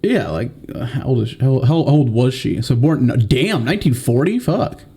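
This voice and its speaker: A young man in his twenties co-hosting a laid-back podcast. His voice is mellow and dark in tone. He rambles and hesitates, circling back through his thoughts. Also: mid-range voice, lively intonation, normal speed, husky. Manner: rambling, hesitant, lots of fillers and laughs. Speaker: podcast co-host. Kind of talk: casual chat.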